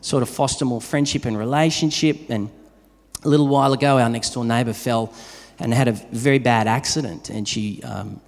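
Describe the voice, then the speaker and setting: A man's voice: mid-range voice, normal speed, gravelly. A man preaching a sermon in a conversational way, telling everyday stories to his congregation. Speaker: pastor. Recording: long reverb of a large hall.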